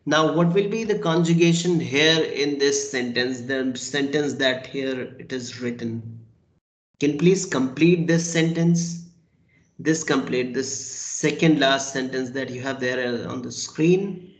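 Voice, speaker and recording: A man's voice: mid-range voice, unhurried. A man teaching a French class, patiently repeating and spelling out words. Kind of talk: online language class. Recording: roomy echo.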